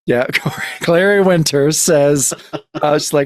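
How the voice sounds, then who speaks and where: A man's voice: a little high, slow, no echo, studio quality. A man co-hosting a podcast, casually recapping a comic book, laughing, swearing and acting out the characters' lines. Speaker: podcast co-host. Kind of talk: casual chat reading comics aloud.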